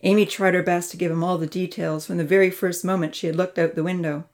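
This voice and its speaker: Lowish woman narrating a children's story. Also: fast talker. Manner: expressive, lifts her voice high for the children's dialogue.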